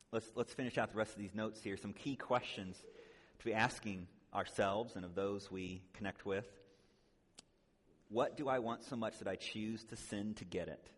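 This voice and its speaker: Man, low voice, conference teacher, chatty with quick jokes, reverberant hall. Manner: conversational, checks in with "right?" and "okay?", joking asides. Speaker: conference speaker teaching on biblical counseling.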